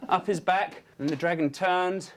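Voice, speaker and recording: A man narrating a storyboard pitch in brisk play-by-play, punctuated with spoken sound effects. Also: slight background noise. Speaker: story artist pitching a scene.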